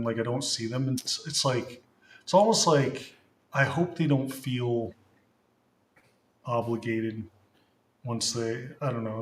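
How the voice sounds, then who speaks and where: A young man hosting a livestream, chatting loosely and rambling, with lots of restarts. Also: medium pitch. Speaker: streamer host. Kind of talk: casual livestream chat. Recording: roomy echoey room.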